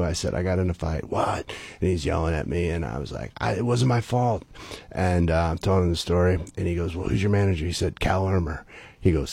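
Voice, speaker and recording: Deep gravelly man telling stories. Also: normal speed, no room sound. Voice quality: gravelly, husky. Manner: animated storyteller acting out quotes. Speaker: guest, former baseball player. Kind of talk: casual storytelling.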